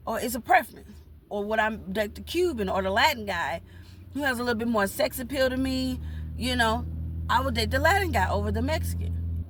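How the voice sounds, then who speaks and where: A woman's voice: on the high side, fairly bright tone, a little hiss or hum. A woman vlogging in a casual monologue, talking bluntly and rambling, repeating herself while she eats. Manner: talks while eating.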